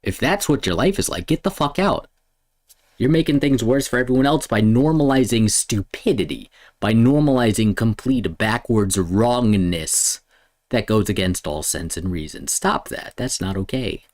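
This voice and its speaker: A man streaming, ranting angrily and swearing, swinging between loud outbursts and low mutters. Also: normal speed. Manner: heated, swearing, lurching between shouts and mutters. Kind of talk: angry profane rant.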